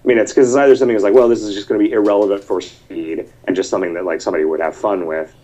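A man's voice: fairly low pitch, fairly even intonation, rapid-fire, dark tone. A man hosting a podcast, chatting casually, rambling and restarting his sentences as he reads out listener messages. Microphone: computer mic over an online call.

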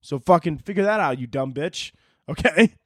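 A man's voice: on the high side, lively intonation, normal speed, no room sound, clean studio sound. A young man hosting a podcast on his own, ranting sarcastically with lots of swearing. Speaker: podcast host. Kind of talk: solo comedic rant.

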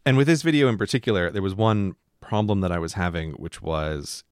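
Low-voiced man in casual reflective chat. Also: fairly quick, clear, resonant tone, no echo, clean studio sound. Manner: reflective, chatty, lots of "like" fillers. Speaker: podcast co-host.

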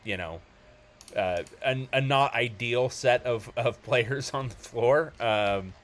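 A man's voice: medium pitch, takes it slowly, a bit bright. A man hosting a casual sports podcast, talking loosely with lots of ums and restarts. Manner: hesitant, many ums and restarts.

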